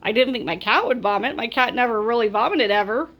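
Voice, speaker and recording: A woman's voice: fairly high pitch, lively intonation, fast talker, a bit bright. A woman vlogger telling a storytime, exasperated and ranting with animation. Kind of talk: storytime vlog.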